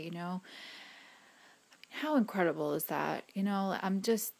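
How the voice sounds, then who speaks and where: A woman speaks in a fairly low register with a lot of fry in her voice. She tells a personal spiritual story to her viewers, looping back, restarting her sentences and sometimes dropping to a near whisper. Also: unhurried, a little mellow. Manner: rambling, restarts, many fillers, drops to a whisper at times. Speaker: spiritual reader and vlogger.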